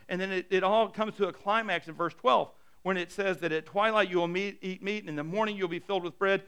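This middle-aged pastor preaches conversationally in a high, steady, smooth voice, moving fairly quickly with hardly any pauses. He frequently repeats his first words and goes hushed when he wants to stress something.

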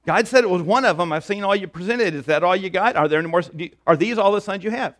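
A man's voice: high voice, fast talker, fairly bright tone. A man plays an old prophet who keeps pressing with repeated questions. The voice stays close to a preacher's plain voice.

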